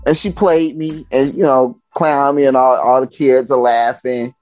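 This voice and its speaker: A man's voice: medium pitch, measured pace, dry recording, soft background music. A man from Chicago, a podcast guest, telling stories in casual chat and acting out the people in them. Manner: animated, acts out voices of people in his stories.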